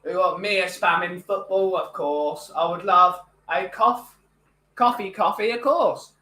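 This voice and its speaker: A man's voice: high-pitched, measured pace, bright, forceful tone. A man chatting casually on a live stream, rambling with lots of fillers.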